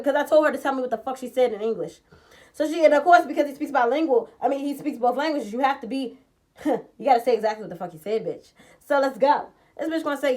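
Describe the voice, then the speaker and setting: A woman's voice: high-pitched, fast. Heated, profane young woman telling a story. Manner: heated, profane, animated storytelling with quoted dialogue. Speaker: vlogger telling a personal story. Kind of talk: casual storytime vlog.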